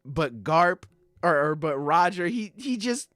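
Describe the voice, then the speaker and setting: A man's voice: on the high side, very animated, measured pace, a bit bright, dry recording, clean studio sound, faint music behind. A young man hosting a podcast, chatting casually and acting out scenes with swearing and laughter. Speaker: podcast host. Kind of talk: casual chat.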